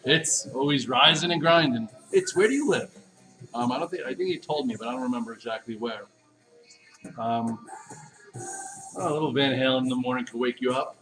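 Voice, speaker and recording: A man from Long Island, hosting a casual morning stock market livestream and giving energetic shout-outs to viewers. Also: medium pitch, poor audio. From Long Island, New York. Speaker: stock market show host.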